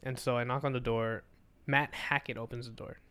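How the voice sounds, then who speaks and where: A man's voice: medium pitch, flat delivery, a little fast, bright, forceful tone, clear, resonant tone. A young man, a podcast guest, telling a story in casual chat, swearing often and acting out dialogue.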